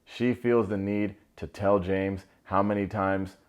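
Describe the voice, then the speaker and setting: A man with a lowish voice giving a casual commentary recap of a reality show. He talks with sarcastic, slangy energy and swings from flat muttered remarks to sudden high-pitched exclamations. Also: unhurried, clean tone. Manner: animated and sarcastic, slangy asides.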